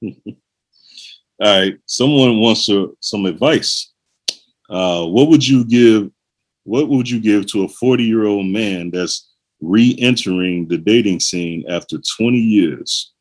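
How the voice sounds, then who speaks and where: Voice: low voice, slow pace. A podcast co-host reading listener questions in casual chat, with short, laid-back reactions.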